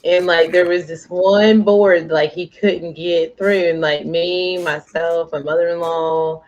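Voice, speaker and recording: A woman's voice: lowish voice, fairly even intonation, takes it slowly, darkish tone, highs cut off. A woman co-hosting a casual chat, telling rambling stories with many fillers. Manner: rambling storyteller, many fillers, laughs often. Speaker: co-host.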